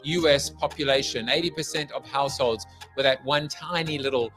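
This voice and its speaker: A man's voice: medium pitch, normal speed, fairly bright tone, faint music behind. A middle-aged man hosting a podcast, opening the show with a playful, rambling monologue full of jokes and wordplay. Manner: jokey, theatrical, riffing with wordplay. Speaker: podcast host.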